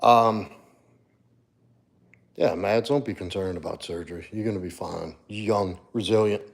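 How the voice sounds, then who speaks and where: A fairly low-pitched man with vocal fry talks at a moderate pace, hosting a casual livestream. This laid-back fitness coach answers viewers in the chat and chats with his dog.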